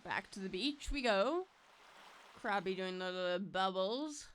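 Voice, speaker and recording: A woman's voice: mid-range voice, expressive, slow, a little hiss or hum. A young woman giving casual, jokey commentary while playing a game, with mild swearing. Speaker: let's play gamer.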